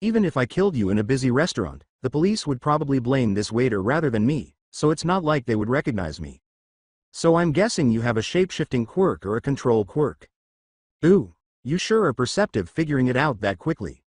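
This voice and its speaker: Man doing a smug smiling villain, soft mocking threats, bouncy pitch, dry close audio. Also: very animated, a little fast, dry recording. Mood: menacing. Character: smug menacing male villain posing as a waiter.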